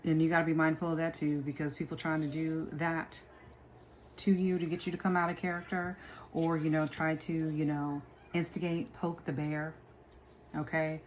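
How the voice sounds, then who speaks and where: A woman chats through a casual tarot reading, calling her viewers y'all and laughing often. Her voice sits very low. A faint hiss runs beneath the recording. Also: flat delivery, moderate pace, darkish tone. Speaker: tarot reader.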